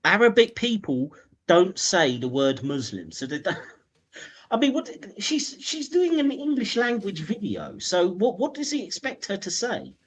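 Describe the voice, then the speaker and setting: A man's voice: high voice, big pitch swings, a little slow. A man hosting a reaction video, talking in a casual, incredulous and mocking way, swearing freely.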